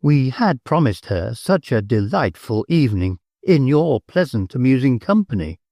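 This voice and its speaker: A man's voice: very animated, a little slow, mellow, no echo, clean studio sound. A man voicing a proud, imperious aristocratic countess in an audiobook, speaking in a raised, persuasive voice. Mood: coaxing. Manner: proud, persuasive, high-pitched. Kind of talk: audiobook character voice.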